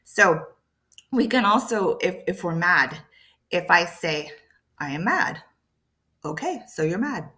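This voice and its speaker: A woman's voice: lowish voice, lively intonation, slow, pauses often, bright, forceful tone. A woman teaching English to learners, explaining patiently with playful emphasis and sound words. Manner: patient, repeats key points. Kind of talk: explaining lesson to camera.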